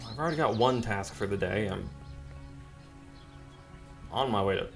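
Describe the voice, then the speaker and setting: A man with a lowish voice plays a narrative game at a normal speed, reading and musing aloud in a wry, trailing manner. It's casual let's-play commentary, with faint game music in the background.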